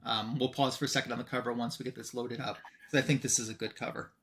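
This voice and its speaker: A man's voice: medium pitch, steady tone, fast talker, fairly bright tone, slight background noise. A man co-hosting an online show, casually retelling a comic book plot and quoting the characters in an offhand way. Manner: retells scenes with "he's like" quotes. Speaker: co-host.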